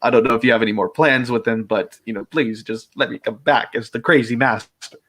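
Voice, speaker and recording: A male voice actor talks through his roles in a relaxed interview. His speech wanders, packed with fillers, restarts and frequent laughter. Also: mid-range voice, fairly quick. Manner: rambling, full of fillers and restarts, laughs often. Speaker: voice actor guest. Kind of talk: casual interview chat.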